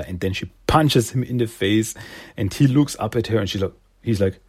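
A man's voice: on the low side, normal speed, husky. A man casually recapping a comic issue, rambling and loose with many fillers. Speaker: comic reviewer.

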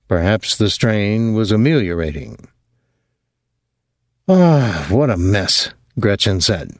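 A man reading a novel aloud as an audiobook narrator, in an even, unhurried way. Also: lowish voice, no room sound. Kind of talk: scripted narration.

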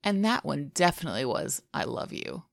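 A woman's voice: sits low, big pitch swings, normal speed, vocal fry, no echo, studio quality, heavily acted. A woman voicing an earnest, lovestruck adult man in a podfic of fan fiction, plain and slightly choked.

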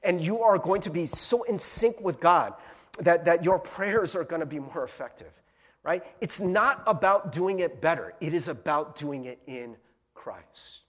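Man, pastor, chatty sermon, lively swinging pitch, slightly raised voice, husky tone. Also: measured pace. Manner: animated, chatty, many fillers and repeated words. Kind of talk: casual conversational sermon.

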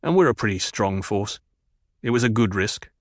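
A man's voice: fairly low pitch, expressive, moderate pace, no room sound, studio quality. A man voicing Gurney Halleck, a blunt, shrewd soldier who gives orders plainly. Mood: commanding. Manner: blunt, commanding.

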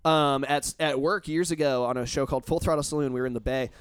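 Guy on a podcast, kinda high voice, rambly, swears a ton, dry close sound. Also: fairly even intonation, fast, clear, resonant tone, no room sound. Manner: rambling, swears a lot, emphatic. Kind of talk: casual chat.

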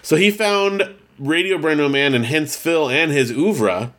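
A man's voice: fairly high pitch, unhurried, a bit bright. A man co-hosting a casual podcast, rambling and correcting himself as he reads out listener mail. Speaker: podcast co-host. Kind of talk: casual chat.

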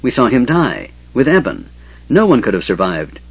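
A man's voice: medium pitch, huge pitch swings, normal speed, gravelly, breathy edge, no echo, heavily acted. A man voicing a half-elf man who speaks in a strained, alarmed voice. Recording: dull lo-fi audiobook recording.

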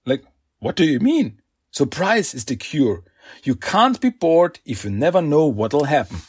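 A man's voice: a little high, sing-song, unhurried, husky, dry recording, clean studio sound, full character voice. A man doing a smug, clever teen turtle. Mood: sly. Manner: sly, teasing. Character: clever, smug teenage boy turtle hero.

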